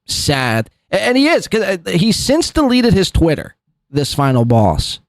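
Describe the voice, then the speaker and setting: A man's voice: high voice, huge pitch swings, measured pace, no room sound, clean studio sound. A man hosting a live podcast, rambling through clip commentary with lots of fillers and laughs. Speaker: podcast host.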